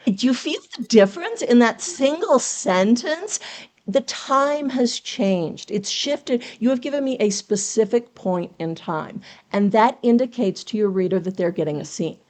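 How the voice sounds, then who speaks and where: A woman guest on a podcast, explaining craft as a writing coach would. She speaks in a fairly high voice, earnest and teacherly, and asks her listeners rhetorical questions as she goes. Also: lively intonation, a little slow, darkish tone. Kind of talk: explanatory interview talk.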